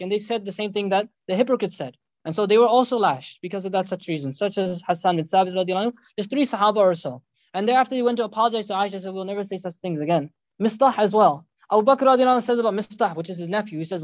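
A man's voice: high-pitched, dry recording, muffled recording. A man giving a sermon, telling a story with quoted voices and reciting Arabic verses. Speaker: preacher.

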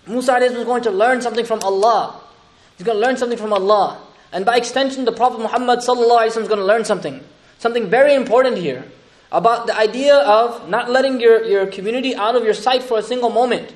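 A man giving an animated, conversational sermon. He often mixes Arabic terms into his talk. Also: very high-pitched, quick pace. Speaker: Islamic teacher. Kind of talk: sermon, storytelling commentary.

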